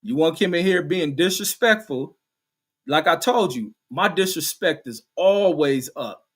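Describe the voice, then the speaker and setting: A middle-aged livestream host reads viewer comments aloud, then fires back in an angry, combative, profane rant full of slangy street talk. His voice sits on the high side and sounds animated, unhurried, and fairly bright.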